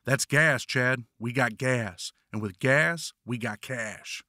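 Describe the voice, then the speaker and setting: An eager male convict voiced by a man, gleeful about a scheme, with a forceful, bright push in his voice. He sits close to the reader's own voice, and the read is dry. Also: medium pitch, slow pace, no room sound. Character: excited male prison hustler.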